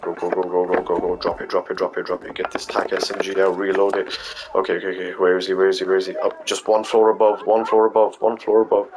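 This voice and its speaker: A man giving live gameplay commentary, panicky, repeating short phrases over and over and dropping to a hushed mutter while he sneaks. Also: sits low, little pitch movement, fast, very noisy. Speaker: gamer playing a stealth game.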